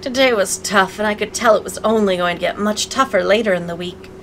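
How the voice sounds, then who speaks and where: A woman's voice: medium pitch, fairly quick, a bit bright, a little hiss or hum, poor audio. A woman narrating a visual novel aloud as a let's play, breaking in with sarcastic, playful asides. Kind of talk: reading game text aloud with commentary.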